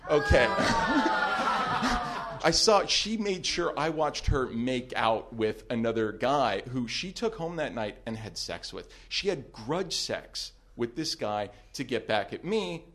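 A man telling a comic personal story with wry timing, dropping to a hush and then rising loud. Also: medium pitch, takes it slowly. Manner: animated, wry, swings from hushed to loud.

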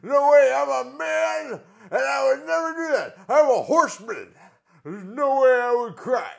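A man doing a comedy impression of a brash, boastful aging male pro wrestler who yells and swaggers. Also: very high-pitched, lively intonation, unhurried, creaky, voice pushed up, full character voice. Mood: indignant. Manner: loud, swaggering, with "woo" yells.

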